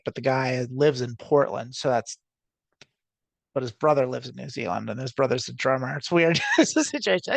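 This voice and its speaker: With an extremely low pitch and noticeable vocal fry, a trans woman from the United States co-hosts a podcast. Her casual talk wanders, leans on filler words, and is full of laughter and swearing, recorded without echo.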